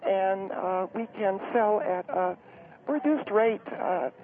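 A man voicing a high-strung, well-to-do woman who talks haltingly with many fillers. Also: noisy background. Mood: hesitant. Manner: halting, hesitant, many fillers, later panicky and breathless. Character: fussy upscale woman, community spokeswoman, high-strung. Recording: tinny phone-line radio sound.

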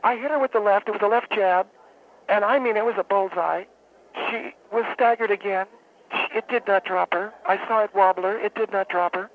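A man's voice: sits high, pitched above the performer's own voice. Man doing a rambling woman caller on a phone line. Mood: deadpan. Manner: rambling, deadpan, halting with fillers. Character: woman caller, brawling football fan, middle-aged. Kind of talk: comic radio call-in bit. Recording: tinny phone line, faint hiss.

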